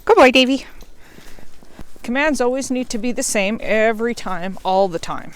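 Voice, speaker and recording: A woman's voice: fairly high pitch, moderate pace, clear, resonant tone. A woman dog trainer explaining commands in a friendly, plain way as she walks on a forest trail. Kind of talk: instructional vlog while walking dogs.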